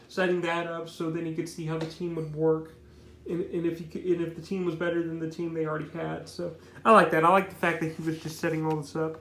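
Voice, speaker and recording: A man's voice: a little high, fairly bright tone, slight background noise. A man giving a casual comic book review, rambling with lots of fillers and repeating his praise. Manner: rambling, heavy on fillers like "basically" and "like". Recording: roomy echo.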